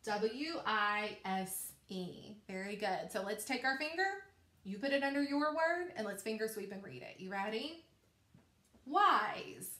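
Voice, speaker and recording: Woman teacher, phonics lesson for kids, bright voice, encouraging, stretches sounds, echoey room. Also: fairly high pitch, animated, a little fast. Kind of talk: recorded phonics lesson for young children.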